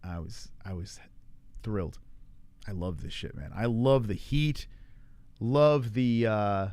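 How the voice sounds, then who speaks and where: A man's voice: lowish voice, slow pace, darkish tone, no room sound. A man hosting a casual live stream, reading viewer comments and rambling loosely with lots of fillers and swearing. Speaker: livestream MMA show host. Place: home in Arizona.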